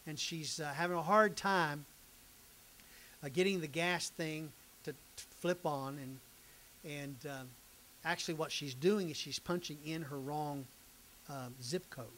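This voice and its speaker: An older man leads a Bible class, reading scripture and then explaining it in a relaxed, folksy manner. His voice sits a touch higher than most men's. He circles back on phrases to drive them home and jokes easily with the class. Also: unhurried, a little hiss or hum, rough recording.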